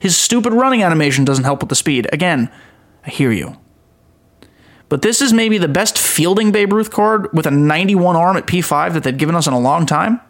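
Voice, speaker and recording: A man's voice: sits high, lively intonation, brisk, few pauses. Rambling, enthusiastic man. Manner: rambling, self-mocking, enthusiastic. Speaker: podcast host. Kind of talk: casual gaming talk.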